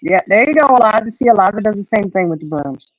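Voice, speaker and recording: A woman's voice: mid-range voice, quick pace. A middle-aged woman chats casually on her live stream, telling a story with lots of feeling and putting on the voices of the people she quotes. The sound is dull and lo-fi, close and dry, with no room echo. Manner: animated storyteller, acts out quoted voices, frequent "you know".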